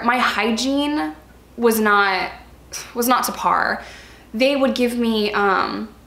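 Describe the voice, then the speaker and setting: An earnest young woman tells her own story in a candid vlog, stressing points by repeating words. Her voice sits a little high. The room around her echoes noticeably. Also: a bit bright. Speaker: vlogger sharing personal experience. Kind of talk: candid personal vlog talk.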